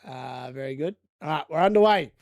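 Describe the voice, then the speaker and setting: A man's voice: on the high side, expressive, a little fast, vocal fry, darkish tone, no echo. A man with an Australian accent hosting a casual football watchalong stream, chatty, rambling and self-mocking. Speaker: livestream host. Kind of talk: casual match watchalong chat.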